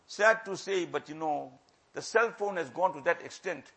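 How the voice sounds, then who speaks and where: A man delivers a sermon in a husky, gravelly voice. He pleads and warns with passion, hammering phrases again and again and dropping suddenly to a near hush. His voice sits high for a man. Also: lively intonation, normal speed. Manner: impassioned, repeats phrases for emphasis, swings from loud to hushed. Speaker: religious preacher.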